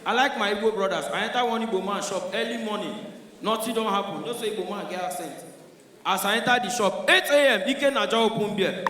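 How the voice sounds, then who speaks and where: High-voiced Nigerian comedian in a hall. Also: male voice, fast, sharp tone. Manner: Nigerian Pidgin storytelling, acting out characters. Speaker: stand-up comedian. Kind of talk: stand-up comedy routine. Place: live comedy show venue. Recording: echoey hall from far off.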